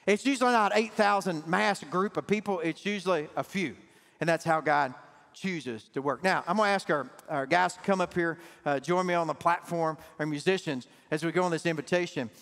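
A man's voice: sits high, fairly bright tone. A man preaching a sermon to his congregation, emphatic and calling out to the people. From Southern US. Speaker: pastor. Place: large church sanctuary. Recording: reverberant church hall, faint music.

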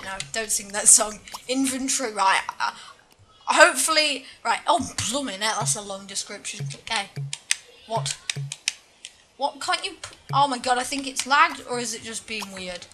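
A woman's voice: on the high side, expressive, moderate pace, pushed and bright, slight background noise. A woman giving casual, chatty let's-play commentary, mocking herself and exclaiming at the game. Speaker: gaming channel host.

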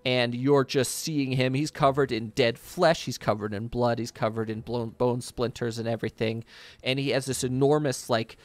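A man's voice: mid-range voice, steady tone, moderate pace, no room sound. Game master guy rambling thru a vivid scene, lots of ums, dry close mic. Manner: vivid, rambling description with fillers. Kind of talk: narrating a tabletop game.

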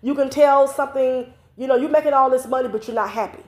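A woman's voice: high voice, fast talker, darkish tone. A woman, scolding and piling on asides. Her voice bounces around an echoey room. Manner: blunt, profane, scolding, repetitive asides. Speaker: commentary vlogger. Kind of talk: ranting opinion vlog.

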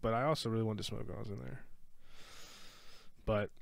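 A man's voice: fairly low pitch, fairly even intonation, brisk, creaky, no room sound. A young man co-hosting a podcast, chatting casually, swearing freely and drifting into tangents. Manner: rambling, profane, goes off on tangents. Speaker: podcast co-host. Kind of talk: casual chat.

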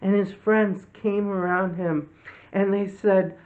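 A man hosting a children's church lesson, telling a Bible story slowly and gently to kids. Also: sits high, fairly even intonation, creaky. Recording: tinny phone-like audio.

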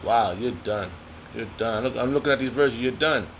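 A man's voice: mid-range voice, normal speed, highs cut off, slight background noise. A man reading scripture aloud and commenting on it in a heated, confrontational, slangy way. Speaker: self-styled preacher.

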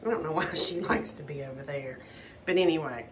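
A woman showing a litter of puppies in a casual vlog, talking softly and often dropping to a cooing whisper. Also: low-pitched, animated, moderate pace, background noise. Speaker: dog breeder showing puppies.

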